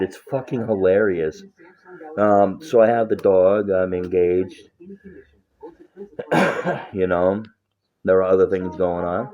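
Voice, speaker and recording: A very deep-voiced man talks loosely on a livestream, rambling and cursing freely between laughs. The audio is dull and lo-fi. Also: a little mellow. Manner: profane, rambling, laughs often. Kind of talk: casual livestream chat.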